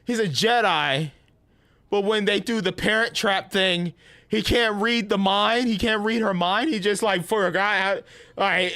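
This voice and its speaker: A man's voice: sits high, expressive, a little slow, a bit bright, no echo. A young man streaming a game while ranting casually and with exasperation, often restarting his sentences and laughing. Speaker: gaming streamer. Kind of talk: casual live-stream rant.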